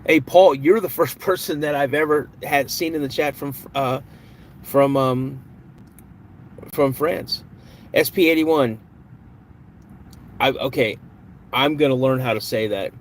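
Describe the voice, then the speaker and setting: A man's voice: mid-range voice, a little slow, long pauses. Easygoing male host, live stream chat, friendly banter, faint background noise. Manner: chatty, greets viewers and jokes around. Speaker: podcast host.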